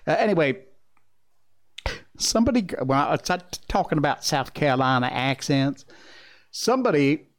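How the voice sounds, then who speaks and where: A man from Connecticut hosts a casual political podcast. He rambles along with plenty of fillers and the odd chuckle, and his voice sits at an ordinary pitch for a man. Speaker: podcast host and voice actor.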